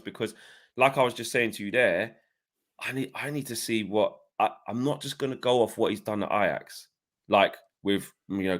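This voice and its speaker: Emphatic football podcast co-host. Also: male voice, fairly low pitch, a bit bright. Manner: emphatic, slangy, repeats himself. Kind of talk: casual football podcast chat.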